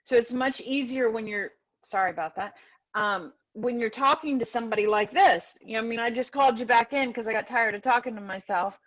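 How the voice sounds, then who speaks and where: A woman's voice: on the high side, a little fast. A woman talks casually as host of an online session, heard over a video call. Her voice comes through a little dull and lo-fi. She rambles and restarts herself as she goes. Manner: chatty, loses track and restarts. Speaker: webinar host.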